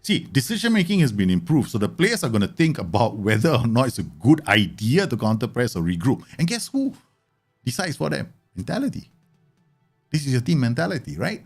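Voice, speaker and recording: A man hosting a live show, explaining game tactics in an animated way, laughing often and acting out imagined conversations. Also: mid-range voice, brisk, husky, faint music behind. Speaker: host.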